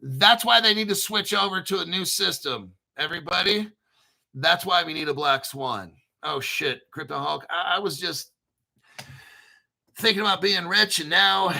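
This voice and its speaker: A man hosting a crypto video show, talking in an excitable, rambling, profane way. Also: a little high, measured pace, vocal fry, rough recording. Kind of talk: casual profane commentary.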